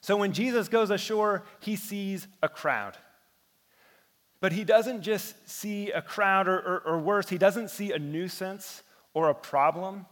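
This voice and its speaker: A man in his thirties preaching a sermon, telling everyday stories and often dropping to a hushed voice for effect. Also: sits high, unhurried, in a large hall. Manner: storytelling preacher who drops to a hush for effect. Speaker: pastor.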